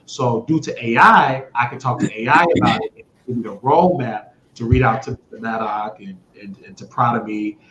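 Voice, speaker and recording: A man hosting his own show, talking in a blunt, rambling monologue that swears freely and swings between loud bursts and mutters. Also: medium pitch, normal speed, few pauses, a little hiss or hum. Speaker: show host. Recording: echoey room, dull lo-fi sound.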